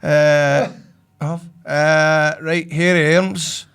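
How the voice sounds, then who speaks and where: A man's voice: a little high, little pitch movement, drawn-out words, creaky, fairly bright tone, clean tone. A man with a Scottish accent, a wrestler co-hosting a podcast, joking and playful. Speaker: wrestler co-host. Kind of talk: casual podcast chat.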